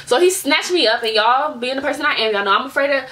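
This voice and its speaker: Young woman vlogger, high lively bright voice, chatty storytime delivery. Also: fast. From United States. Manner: animated storyteller, addresses viewers as y'all. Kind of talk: casual storytime vlog.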